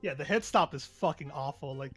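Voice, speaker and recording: A man's voice: on the high side, fairly quick, husky, faint music behind. A man co-hosting a casual gaming chat, swearing freely and laughing as he tells stories. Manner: profane, laughing storyteller. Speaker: podcast co-host.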